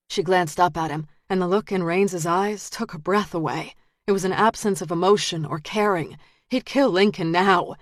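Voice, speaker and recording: A woman narrating an audiobook thriller in a measured, tense manner. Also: lowish voice, dry recording, clean studio sound. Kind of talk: scripted narration.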